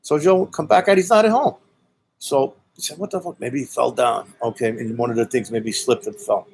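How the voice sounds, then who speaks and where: This man from Brooklyn has a gravelly, darkish voice of medium pitch and talks at a moderate pace in his Brooklyn accent. He rambles through a casual spoken story, blunt and profane, full of "you know"s. The audio is poor, with slight background noise.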